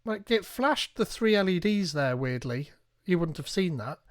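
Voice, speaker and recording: A man's voice: high-pitched, lively intonation, normal speed, no echo, clean studio sound. Chatty man walking through a tutorial. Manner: chatty, thinking aloud, reading instructions. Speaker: tech streamer. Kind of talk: live tutorial walkthrough.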